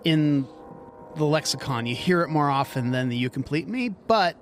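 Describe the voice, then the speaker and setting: A man's voice: fairly high pitch, lively intonation, moderate pace, slight background noise. A man co-hosting a movie podcast, laid-back and self-deprecating in casual chat. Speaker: podcast co-host.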